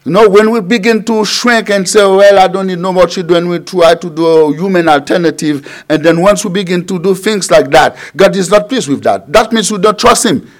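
A middle-aged Haitian man delivers a sermon, repeating phrases as he swings from loud emphasis to quiet asides. His voice is high-pitched, and he speaks at a normal speed with few pauses.

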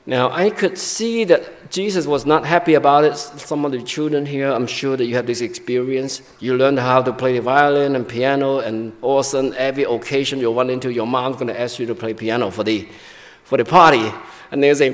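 Male pastor mid-sermon, stop-start explaining, mid pitch, big reverberant church room. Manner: explanatory, halting with frequent restarts. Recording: long reverb of a large hall.

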